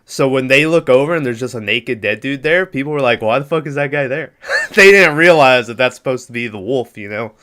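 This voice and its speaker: A man's voice: mid-range voice, expressive, a little fast, bright, forceful tone. A man co-hosting a casual movie podcast, recapping scenes in a laid-back, profane way and laughing often. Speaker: podcast co-host.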